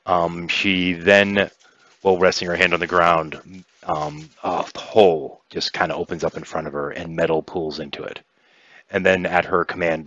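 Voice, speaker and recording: A man narrating a tabletop game as game master, in a relaxed, rambling way with fillers. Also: low-pitched, dry recording, lo-fi sound.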